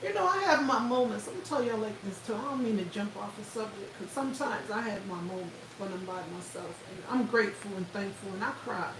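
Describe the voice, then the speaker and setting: A woman's voice: mid-range voice, fast, hardly any pauses, recorded from a distance. A woman hosting a casual livestream, talking bluntly and profanely straight to her viewers. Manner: loud, animated, blunt and profane, addresses viewers directly. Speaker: livestream host. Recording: echoey room, off-mic, faint hiss.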